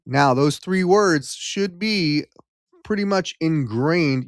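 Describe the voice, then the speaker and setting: A man hosting a casual live-stream talk show on hypnosis, rambling with many ums and restarts, then leading a calm guided memory exercise. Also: on the high side, slow, no echo, clean studio sound.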